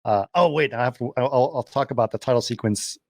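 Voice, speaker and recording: A man co-hosting a podcast, chatting casually about old films and pausing often with fillers. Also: mid-range voice, darkish tone, no echo, clean studio sound. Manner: rambling, halting with many fillers. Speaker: podcast co-host. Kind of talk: casual film chat.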